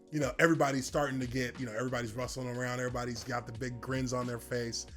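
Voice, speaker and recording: A man in his thirties telling a personal story in casual talk, relaxed and rambling with lots of fillers. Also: mid-range voice, racing, hardly any pauses, soft background music. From United States. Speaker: former football player telling his story.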